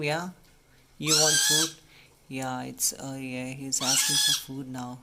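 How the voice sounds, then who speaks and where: Soothing man, slow and gentle. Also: medium pitch, fairly even intonation. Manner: soothing, cooing gently to an injured bird. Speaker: bird rescuer. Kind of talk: casual vlog narration. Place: at home, indoors. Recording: noisy home recording.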